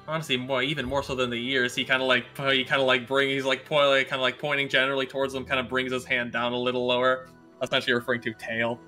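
A man game-mastering a tabletop session, his voice bright and forceful. He narrates in a loose, rambling way, starting sentences over. Faint music plays underneath. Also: mid-range voice, completely flat delivery, fast talker. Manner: rambling, restarting narration with many fillers.

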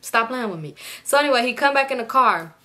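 Fast-talking bright young woman telling a story. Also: fairly high pitch. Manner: exasperated, profane, animated retelling. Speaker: storytime YouTuber. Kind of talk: casual storytime.

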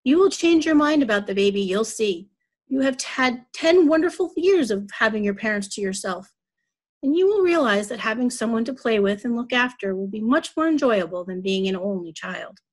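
A woman voicing a gentle, stern grandmother. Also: a little high, normal speed. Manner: calm, firm, scolding softly. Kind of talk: children's story read aloud.

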